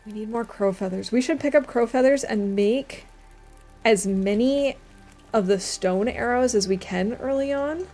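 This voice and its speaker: A young adult woman streamer chatting casually while playing a game, reading chat aloud and dropping quiet asides. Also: a little high, a little slow, soft background music. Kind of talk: casual gameplay commentary.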